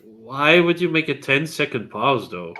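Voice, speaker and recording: Lively, bright-voiced joking man. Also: medium pitch, measured pace. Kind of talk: casual chat.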